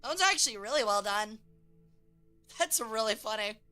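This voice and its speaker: A young woman streamer chatting casually, swearing, laughing and breaking into loud silly voices. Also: fairly high pitch, animated, normal speed, soft background music.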